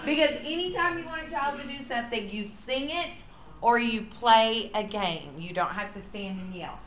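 A woman leading a lively, playful workshop for church preschool teachers. She acts out quotes and drops to a whisper to draw the room in. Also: a little high, moderate pace. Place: large hall with an audience. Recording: echoey room with faint noise.

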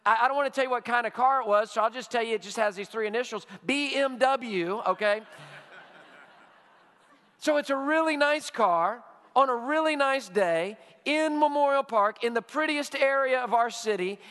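A man preaching a sermon as pastor, telling stories with animation and dropping to a hush for emphasis. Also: extremely high pitch, normal speed, in a large hall. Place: church sanctuary.

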